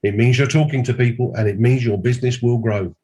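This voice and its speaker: Husky-voiced male mentor, emphatic and repetitive delivery, call audio. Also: medium pitch, steady tone, brisk, dark tone. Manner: emphatic, repeats key points. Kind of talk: mentoring talk.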